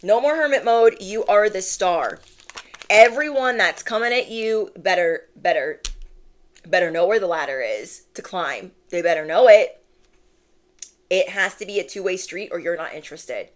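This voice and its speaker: A woman's voice: fairly low pitch, expressive, moderate pace. A woman in her thirties giving a spiritual reading to her viewers, emphatic and playful, repeating phrases for effect. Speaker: intuitive tarot reader.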